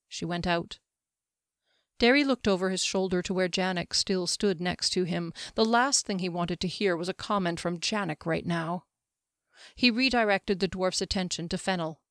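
A woman reading a fantasy novel aloud in a measured, even way. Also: lowish voice, no echo, clean studio sound. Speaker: narrator. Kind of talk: scripted audiobook narration.

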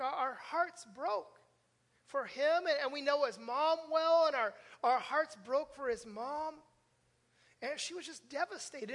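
An older man, a pastor, earnestly tells stories to his congregation in a conversational sermon in a church sanctuary. His voice is very high with a fairly bright tone, and the recording has the long reverb of a church hall.

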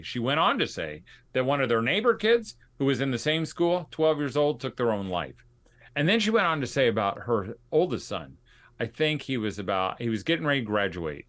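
A man's voice: lowish voice, a bit bright. A man hosting a podcast, telling stories in an earnest, conversational way to his listeners. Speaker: podcast host. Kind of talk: casual podcast monologue.

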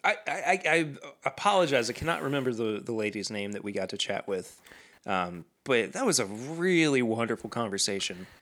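A man's voice: mid-range voice, big pitch swings, fairly quick, fairly bright tone. Chatty man co-hosting a podcast. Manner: conversational, with frequent fillers and restarts. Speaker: podcast co-host. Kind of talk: casual chat.

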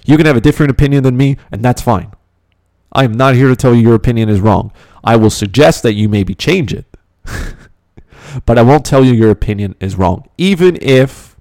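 A Canadian podcast host, talking in a rambling, conversational way with lots of fillers. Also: male voice, mid-range voice, warm tone, no room sound, studio quality. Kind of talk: casual monologue.

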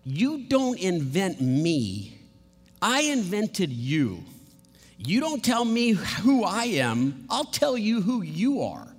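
Man doing God as a stern ruler, slow and emphatic, somewhat high, long hall reverb. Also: natural voice. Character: stern almighty God rebuking believers.

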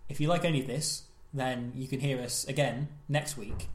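A man co-hosting a comedy podcast, bantering with deadpan, playful jokes. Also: medium pitch, normal speed, a little hiss or hum. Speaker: podcast co-host. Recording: echoey room.

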